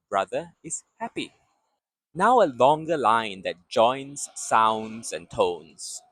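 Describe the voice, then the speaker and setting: Slow, lively-voiced male language teacher. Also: mid-range voice, no room sound. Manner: slow, patient drilling with exaggerated repeated syllables. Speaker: Mandarin teacher. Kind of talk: slow pronunciation lesson.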